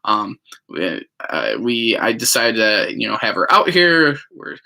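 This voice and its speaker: Man, bright forceful voice, casual storytelling, rambling, lots of fillers. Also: lowish voice, sing-song, unhurried, gravelly. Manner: rambling, many fillers, acts out quotes. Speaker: vlogger.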